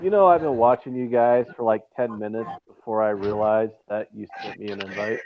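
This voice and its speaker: Speaking briskly in a fairly low voice, this man co-hosts a relaxed sports betting chat over a remote call. He rants with sarcasm and heavy profanity, and the audio is tinny and phone-like, carrying faint noise.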